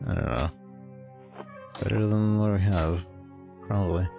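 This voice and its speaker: A man streaming a game with casual commentary, relaxed and muttering to himself. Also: deep voice, a little slow, creaky. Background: faint game music.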